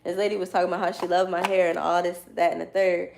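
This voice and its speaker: A woman's voice: lowish voice, level tone, fast, vocal fry, background noise. A young woman telling a casual story to her viewers, loose and slangy, with frequent swearing and laughter. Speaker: tarot reader.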